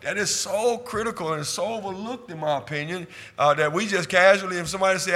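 A man preaching a sermon in church, drawing call and response from the congregation, repeating himself and building from quiet talk to loud shouting. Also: high voice, quick pace, in a large hall. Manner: repetitive, asks the church for amens. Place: church sanctuary.

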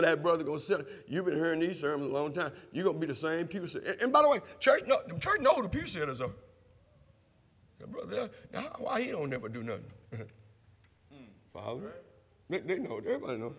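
A man preaching a sermon, using call-and-response and rising to shouts, in a church sanctuary. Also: fairly high pitch, breathy edge. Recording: long hall reverb.

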